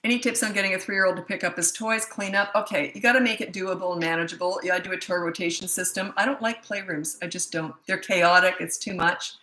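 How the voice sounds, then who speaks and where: A woman's voice: fairly low pitch, steady tone, fast talker, few pauses, pushed and bright, echoey room, poor audio. A woman parenting coach answering questions in a blunt, chatty way that often breaks off mid-thought. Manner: blunt, chatty, self-interrupting. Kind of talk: casual live Q&A.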